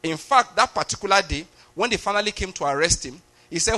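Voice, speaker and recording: A male preacher with a high, bright voice delivers a teaching sermon. He explains his point patiently and keeps asking the congregation whether they are getting it. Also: animated, brisk.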